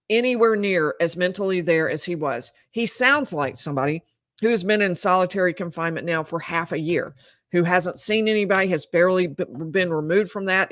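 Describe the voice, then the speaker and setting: Woman, legal commentator, animated recap of testimony, incredulous tone, dry close sound. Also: on the low side, normal speed, no room sound. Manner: acts out quoted dialogue.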